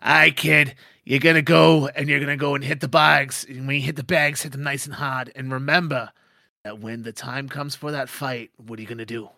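A man plays a pudgy dwarf fight boss, raised gravelly voice, sharp and bossy, dry tabletop-game audio. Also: fairly high pitch, a little slow, no room sound, pitched above the performer's own voice, full character voice. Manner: bossy, threatening, condescending.

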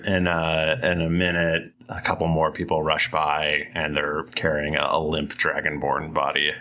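A man narrating as game master of a tabletop game, in a halting style full of fillers. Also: rumbling low, completely flat delivery, sharp tone.

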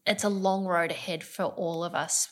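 An Australian woman on a podcast, speaking in an earnest, measured way. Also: fairly low pitch, steady tone. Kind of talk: casual podcast chat.

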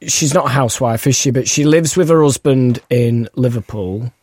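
A man co-hosting a podcast, chatting and quickly agreeing with the others. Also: medium pitch, a little mellow, slightly rough, no echo, clean studio sound. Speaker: podcast co-host. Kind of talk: casual podcast chat.

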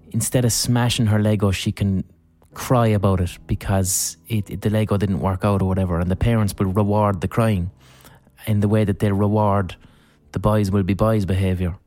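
A man hosts his podcast in a lowish, unhurried speaking voice. He talks frankly and casually, and swears freely. Faint music plays quietly behind him. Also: level tone. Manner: frank, profane, conversational. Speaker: podcast host. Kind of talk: reflective solo talk.

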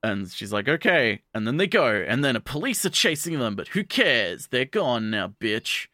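A man's voice: mid-range voice, no echo, studio quality. Casual man recapping with acted quotes. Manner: animated, acts out characters' lines in quick voices. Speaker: podcast co-host recapping an anime. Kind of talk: casual chat, comic plot recap.

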